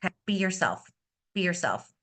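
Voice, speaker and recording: A woman beauty consultant giving an upbeat, energetic sales-training talk on a video call, repeating her key advice. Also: fairly low pitch, a little fast. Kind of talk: coaching talk on a video meeting.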